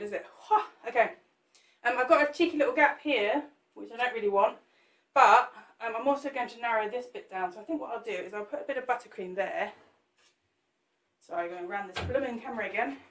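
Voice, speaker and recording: A woman's voice: fairly high pitch, far from the mic. Chatty woman, off-mic in a roomy space. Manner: chatty, jokey, talks to viewers while working. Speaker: cake artist teaching a live sculpt. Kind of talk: chatty live demonstration.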